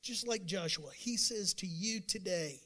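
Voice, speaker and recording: Pastor guy preaching, pretty high voice for a man, chatty then suddenly loud, keeps calling out to the crowd. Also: a little slow. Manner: emphatic preaching with sudden loud bursts and calls to the congregation; conversational, acts out doubters' voices. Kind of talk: sermon.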